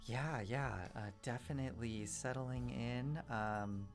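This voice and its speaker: A popular teenage cheerleader who schemes behind a breezy, self-assured manner, as a woman puts her on. Her voice sits unusually deep for a woman. She speaks in character at a tabletop game. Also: takes it slowly, over music. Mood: sweetly persuasive.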